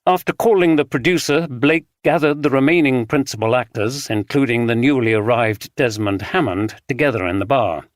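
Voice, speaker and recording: Male narrator, audiobook, measured reading, middle pitch, dry close recording. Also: dry recording. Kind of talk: scripted narration.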